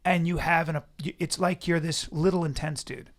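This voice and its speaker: A man's voice: fairly high pitch, fairly even intonation, normal speed. A man co-hosting a podcast, playful and goofy, slipping into mock voices in casual banter. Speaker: podcast co-host.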